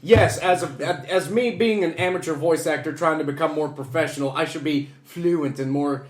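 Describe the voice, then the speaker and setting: A man's voice: on the high side, normal speed, roomy sound. A man with a Southern US accent, an amateur voice actor, chatting casually, swearing and poking fun at himself. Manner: animated, swearing, self-mocking. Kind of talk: casual chat.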